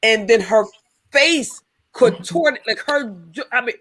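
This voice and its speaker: A woman hosting a casual talk show, telling a story with lively restarts. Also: a little high, takes it slowly. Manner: animated storytelling, many restarts. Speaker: podcast host. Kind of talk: casual chat.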